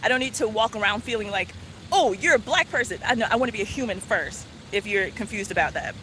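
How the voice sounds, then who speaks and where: A woman vlogger telling a story in a casual, earnest, animated way, with many fillers. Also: medium pitch, quick pace, a little hiss or hum.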